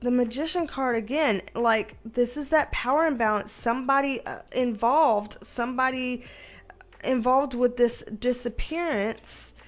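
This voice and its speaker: A woman's voice: on the high side, a little slow. Chatty woman tarot reader, rambling. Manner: chatty, rambling, emotional, many fillers. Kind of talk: casual tarot reading video.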